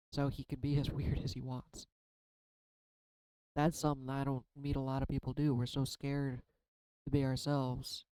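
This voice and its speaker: A man's voice: medium pitch, warm tone, clear, resonant tone, dry recording, low-quality recording. A man rambling through a spiritual card reading in a casual, confessional vlog, often self-deprecating. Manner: tearful at times. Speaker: tarot card reader.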